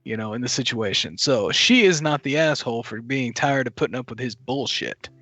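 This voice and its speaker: A man's voice: medium pitch, brisk, bright, forceful tone, no echo. A man co-hosting a comedy podcast, giving blunt, rambling verdicts with many fillers. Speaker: podcast co-host playing a judge. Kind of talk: casual comic chat.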